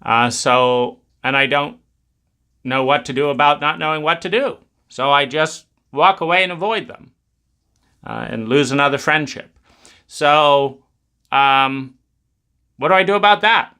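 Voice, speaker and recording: A man's voice: fairly high pitch, a little slow, pauses often, sharp tone, clear, resonant tone. A man giving a reflective self-help talk in a conversational, musing way, acting out inner voices as he goes. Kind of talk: reflective spoken talk on adulthood.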